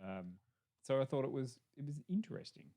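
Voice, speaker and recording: A man co-hosting a casual podcast, jokey and quick to laugh at his own jokes. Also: medium pitch, very animated, vocal fry, warm tone. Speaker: podcast co-host. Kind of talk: casual chat.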